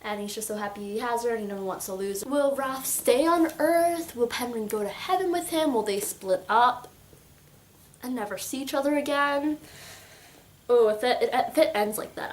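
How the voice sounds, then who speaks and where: A young adult woman chatting excitedly about a book in a casual vlog, full of filler words. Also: a little high, moderate pace. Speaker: book reviewer.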